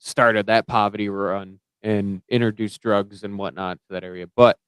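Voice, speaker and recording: A man's voice: on the low side, flat delivery, normal speed, clear, resonant tone, no echo. Laid-back man from Michigan hosting. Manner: sympathetic, casual, says dude. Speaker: podcast host. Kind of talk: casual podcast chat.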